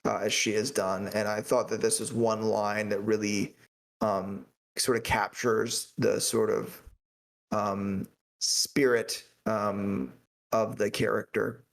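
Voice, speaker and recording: Gravelly laid-back podcast co-host. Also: male voice, fairly low pitch, level tone, takes it slowly. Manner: hesitant, searching for words, laid-back. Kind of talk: casual chat.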